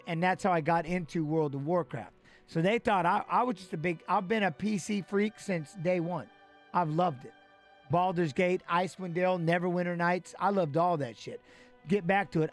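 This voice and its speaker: Excitable high-voiced man telling stories. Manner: animated, profane, acts out quoted voices. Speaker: retired fighter telling a story. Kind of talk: casual storytelling.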